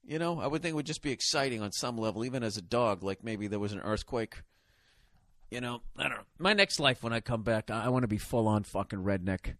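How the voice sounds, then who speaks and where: A man's voice: mid-range voice, fast, fairly bright tone, dry recording, clean studio sound. A man hosting a podcast, delivering a sarcastic, profane comedic rant. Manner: swears constantly, sarcastic and ranting. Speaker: podcast host.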